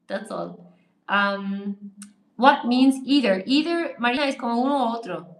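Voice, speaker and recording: Irish lady teaching english on a livestream, kinda high voice, answers chat comments, echoey room. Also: expressive, unhurried. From Ireland. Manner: chatty, reads viewer comments aloud and answers them. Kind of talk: live-streamed English lesson.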